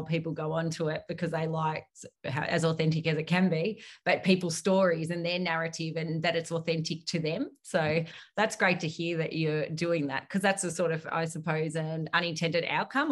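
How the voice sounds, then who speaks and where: A woman interviewing a guest, asking long questions and giving encouraging affirmations. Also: deep voice. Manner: encouraging, lots of short affirmations. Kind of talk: conversational interview.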